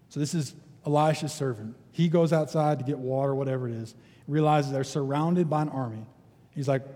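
A male pastor giving a sermon, reading scripture aloud and then retelling it in relaxed, conversational terms. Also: mid-range voice, moderate pace, long reverb tail. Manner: reads scripture, then retells it in casual everyday speech. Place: church sanctuary.

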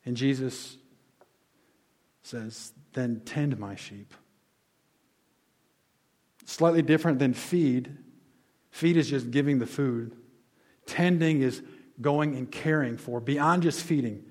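A man preaching a sermon as pastor, conversational, explaining words and restating them, dropping soft on key lines. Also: mid-range voice, slow pace, pauses often.

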